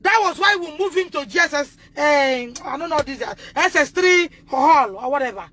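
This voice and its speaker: A Nigerian woman speaking on a phone livestream, distressed and loud, re-enacting conversations as a mother. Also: sits high, animated, normal speed, slight background noise. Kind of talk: emotional livestream testimony.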